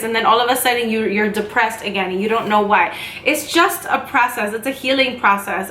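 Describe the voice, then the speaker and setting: A woman talks casually to her camera, rambling and breaking into quick asides. Her voice sits a little high and rings bright and forceful. The sound is roomy and echoey, picked up by the camera's own mic. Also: slight background noise. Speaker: vlogger. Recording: echoey room.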